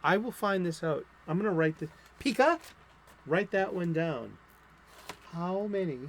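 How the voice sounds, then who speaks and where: Speaking at a normal speed in a high-sitting voice, an American man streams about comics from his home studio, with a little hiss or hum on the audio. He rambles through new releases and slips into profane, angry rants.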